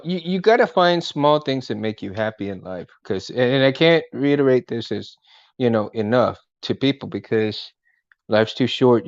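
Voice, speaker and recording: A man's voice: lowish voice, no room sound, lo-fi sound. A man chatting casually to camera at home, rambling with lots of fillers and laughs. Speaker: vlogger and collector. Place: room at home. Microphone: camera handheld while walking.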